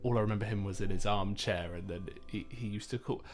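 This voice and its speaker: A young man co-hosting a casual radio chat, jokey and quick to laugh. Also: lowish voice, a little mellow. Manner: jokey, laughs often, does silly impressions. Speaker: radio co-host.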